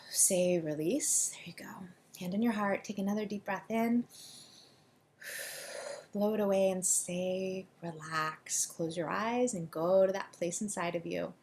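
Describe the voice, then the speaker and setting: A woman's voice: lowish voice, slight background noise. Soothing woman leading a tapping session. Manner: soothing, directive, has listeners repeat affirmations; deliberately quick delivery. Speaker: EFT tapping coach.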